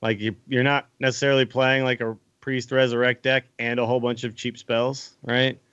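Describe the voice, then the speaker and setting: A man's voice: mid-range voice, little pitch movement, moderate pace, fairly bright tone, clean tone, dry recording, highs cut off. A man co-hosting a podcast in a casual, enthusiastic chat, rambling a little and laughing as he talks. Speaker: podcast co-host. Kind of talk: casual gaming discussion.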